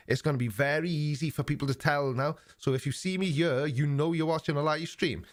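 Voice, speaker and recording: Brisk and with few pauses, this older man from England speaks in a voice on the high side while running a casual live stream. He reads out viewer comments, answering with dry sarcasm and asides where he pretends to be offended.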